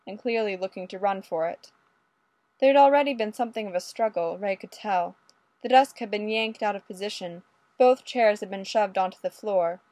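A woman narrating a story aloud in a lively, expressive way. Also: medium pitch, dry recording. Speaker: audiobook reader.

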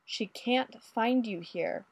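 A woman's voice: on the high side, slow pace, creaky, slightly rough, no room sound, heavily acted. A woman reading a story aloud and voicing a formal, courteous police constable, an adult man, in a dry close recording. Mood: urgent. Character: polite, formal Canadian Mountie, adult man.

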